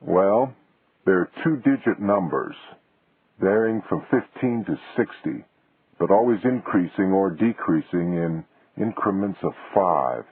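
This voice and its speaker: A man's voice: deep voice, lively intonation, slow, husky, no room sound, phone-quality sound, exaggerated voice. A man voicing a weary, careful male writer. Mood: musing. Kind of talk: audiobook dialogue.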